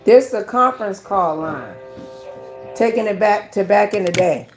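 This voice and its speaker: A woman hosting a casual live stream, chatting with her viewers as "y'all" and reading numbers out slowly. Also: mid-range voice, expressive, soft background music.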